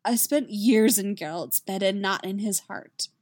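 A woman's voice: medium pitch, measured pace, darkish tone, dry recording, natural voice. A woman voicing an emotional young male bard who pleads and gushes, breathless and emphatic. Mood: pleading.

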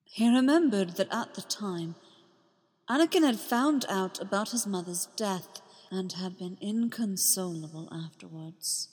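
A woman reading a story aloud, slow and soft-spoken, letting her phrases fall quiet at the ends. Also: mid-range voice, lively intonation, breathy edge, long reverb tail. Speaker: fan fiction reader. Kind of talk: storytelling narration.

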